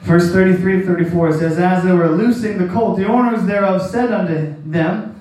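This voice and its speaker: A man's voice: sits high, lively intonation, brisk, darkish tone. A man preaching a conversational sermon, folksy and chuckling often, acting out quoted voices. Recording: very echoey room, voice from far off the mic.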